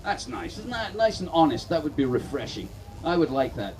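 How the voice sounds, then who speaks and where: Sardonic profane comedian ranting on stage. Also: male voice, a little high, very animated, fairly quick, far from the mic, faint music behind, rough recording. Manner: sardonic, profane, building to shouts. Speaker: stand-up comedian. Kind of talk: satirical stand-up rant. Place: outdoor festival stage.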